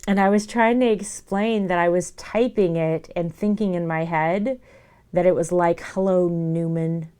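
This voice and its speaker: A woman's voice: fairly low pitch, fairly even intonation, normal speed, mellow, clean tone. A woman chatting casually on a live stream while she crafts at her desk at home. She laughs often and talks to her viewers and her dog. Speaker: streamer making her own merch.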